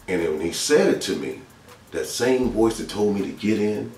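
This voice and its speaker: A man's voice: lowish voice, animated, a little fast, darkish tone, a little hiss or hum. A man from Georgia, earnestly telling a spiritual testimony in a casual, storytelling way that repeats its phrases. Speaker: speaker sharing testimony. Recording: echoey room with faint music, mic at a distance.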